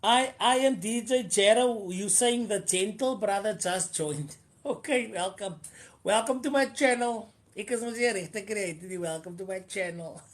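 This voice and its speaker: A woman's voice: mid-range voice, measured pace. A woman with a Cape Coloured South African accent hosting a casual live stream, repeating phrases for emphasis and switching between English and Afrikaans.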